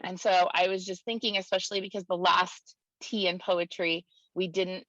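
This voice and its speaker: A woman's voice: fairly low pitch, level tone, moderate pace, fairly bright tone, no echo. A woman joining an online talk show as a participant, chatty and a bit hesitant, with many restarts. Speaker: participant, caregiver. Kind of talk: casual video-call chat. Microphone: video call audio. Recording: dry lo-fi video call audio.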